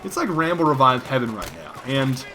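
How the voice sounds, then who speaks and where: A man's voice: medium pitch, big pitch swings, a little fast, sharp tone. A man giving joking, rambling gameplay commentary. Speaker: gaming commentator.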